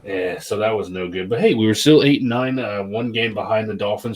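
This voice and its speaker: A young man with a slightly low voice runs through his team's offseason in loose, casual sports talk. He jumps between sarcastic jabs and easy laughter, clearly loving the banter. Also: a little fast, few pauses. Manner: animated, laughing, sarcastic asides. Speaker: podcast co-host, Patriots fan.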